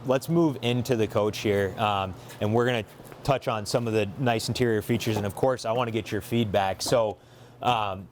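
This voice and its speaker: A man's voice: medium pitch, a little hiss or hum. A man hosting a casual walkthrough of a trailer, talking eagerly with lots of fillers and restarts. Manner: eager, filler-heavy, self-correcting. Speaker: dealership host showing a trailer.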